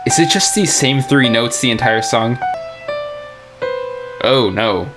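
A young man reacting to his old songs in casual, joking commentary, sarcastic and quick to laugh. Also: medium pitch. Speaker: music reaction YouTuber. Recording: music playing loudly under the voice. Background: his own music playing.

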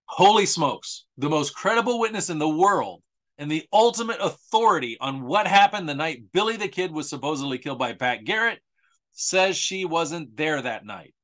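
Man, somewhat high voice, sarcastic and incredulous, history podcast monologue, mocking tone. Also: animated, moderate pace, bright, forceful tone. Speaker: host.

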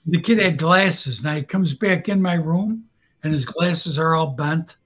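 A man's voice: a little high, a little slow, a bit bright, slight background noise. A man casually telling blunt, profane stories about his old barbershop, laughing at his own punchlines. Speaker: guest storyteller. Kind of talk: casual storytelling.

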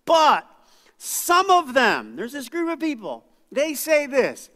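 A middle-aged male pastor preaching a sermon, moving from quiet asides to loud outbursts. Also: very high voice, big pitch swings, takes it slowly, long reverb tail. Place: church sanctuary.

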